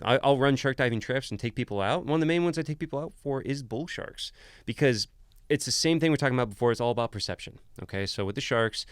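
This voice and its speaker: A man with a smooth, resonant voice telling stories in an animated, loose way. His talk is full of "like" and "bro". The sound is dry and close in a podcast studio. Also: mid-range voice, no room sound. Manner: animated, filler-heavy, says "bro" and "like". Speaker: podcast guest, wildlife photographer and shark dive guide. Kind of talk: casual storytelling.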